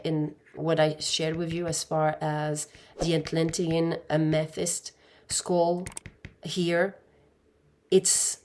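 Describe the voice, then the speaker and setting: A woman giving an intuitive pick-a-pile tarot reading, speaking in a meandering way and calling her viewers "my dear". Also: deep voice. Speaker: tarot card reader.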